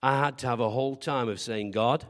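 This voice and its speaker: Fairly quick and mid-range, a man's voice carries a pastor's conversational sermon through a hall with long reverb. He asks the congregation questions and spins funny stories at his own expense.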